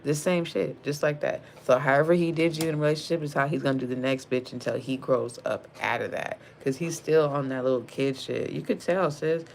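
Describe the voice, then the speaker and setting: A woman's voice: a bass voice, steady tone, fairly quick, creaky, few pauses, slight background noise. A young woman giving a casual tarot reading, blunt and slangy with lots of profanity, calling the viewer sis. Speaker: tarot card reader.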